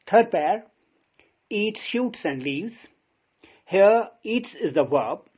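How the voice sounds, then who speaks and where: A man's voice: on the high side, husky, lo-fi sound. A man teaching a recorded grammar lesson, explaining formally and calling his listeners dear friends. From Kashmir.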